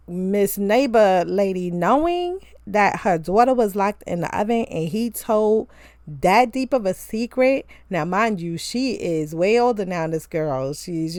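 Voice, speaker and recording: A young woman casually recapping TV episodes as a reviewer, chatty and animated, with slangy asides. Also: medium pitch, dry recording. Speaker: TV show reviewer.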